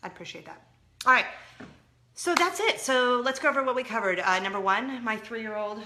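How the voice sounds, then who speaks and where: Woman, 30s, mom vlogger talking to camera, bright and forceful tone, chatty and dramatic. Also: a little high, fairly quick, slight background noise. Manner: chatty and expressive, swinging from loud to hushed. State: injured, in a leg cast. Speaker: parenting vlogger. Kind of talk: casual chat to camera.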